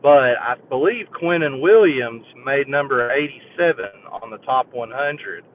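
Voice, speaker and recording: A man's voice: mid-range voice, lively intonation, unhurried, slight background noise. Male caller on a tinny phone line. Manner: rambling, laughing storyteller. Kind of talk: phone-in chat.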